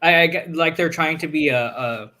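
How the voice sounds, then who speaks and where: A man's voice: on the high side, moderate pace, pushed and bright. Hesitant man musing on a podcast. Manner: hesitant, musing aloud with fillers. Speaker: podcast co-host. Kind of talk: casual chat.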